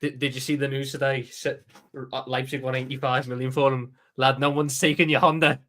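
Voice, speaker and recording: A man with a Scouse accent chatting as co-host of a live football watchalong. He talks bluntly and swears freely, trading jokes and opinions about players. His voice sits at an ordinary pitch for a man. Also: little pitch movement, fairly quick, a bit bright. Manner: blunt, sweary, jokey banter. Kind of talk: casual chat.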